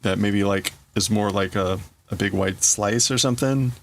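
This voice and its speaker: On his live stream, a man with a fairly deep voice talks at a moderate pace while casually reading and translating a comic. His thinking happens out loud, full of hesitant restarts.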